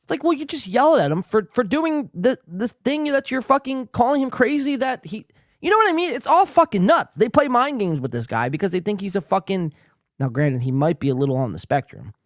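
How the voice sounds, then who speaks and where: Guy hosting a reaction podcast, swears constantly, pitch leaps all over the place, dry sound. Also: a little fast, dry recording. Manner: profane, ranting, excitable. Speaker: podcast host. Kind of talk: casual reaction commentary.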